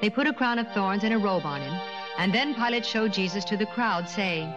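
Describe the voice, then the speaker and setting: A woman tells a children's story with lively, expressive narration at a middle pitch. The sound is dull and muffled like an old video soundtrack, with clear music underneath. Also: brisk.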